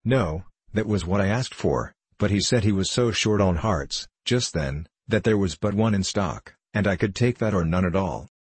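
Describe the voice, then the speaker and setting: A man reading the part of a kindly, dutiful tin man emperor in an audiobook, speaking in a measured, formal way. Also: deep voice, animated, breathy edge. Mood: earnest.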